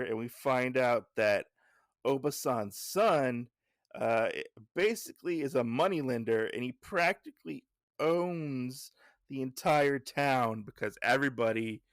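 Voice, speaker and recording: A man's voice: medium pitch, measured pace, no echo, studio quality. A man hosting a podcast, casually recapping a comic issue with lots of fillers and side thoughts. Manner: rambling, filler-heavy, digressive. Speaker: podcast host.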